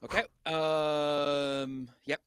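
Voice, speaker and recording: A male podcast co-host with a somewhat high, animated voice. He chimes in fast with jokes, and the recording sounds dry and close, with faint music underneath. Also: clean tone, dry recording. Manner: jokey, quick to chime in. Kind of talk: playful podcast banter.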